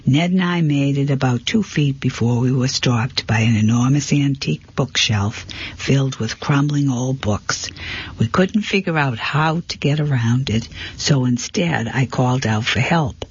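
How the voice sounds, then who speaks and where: Give me a man with a raspy, breathy voice narrating a first-person mystery, recorded dry and lo-fi. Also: mid-range voice, measured pace. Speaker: audiobook narrator. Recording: dull, lo-fi, dry.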